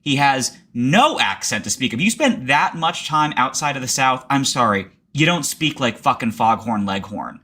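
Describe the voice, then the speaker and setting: A man co-hosting a political commentary show, his pitch swooping up and down with lively energy. He rants with sarcasm and plenty of profanity. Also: moderate pace, few pauses. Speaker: co-host.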